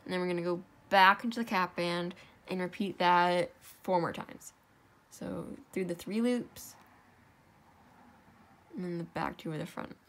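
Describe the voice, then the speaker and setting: A woman's voice: fairly low pitch, measured pace, gravelly, long pauses. Chatty young woman teaching a craft. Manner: chatty, self-correcting, talks while working. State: out of breath. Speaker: craft tutorial host. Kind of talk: casual step-by-step craft tutorial. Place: home.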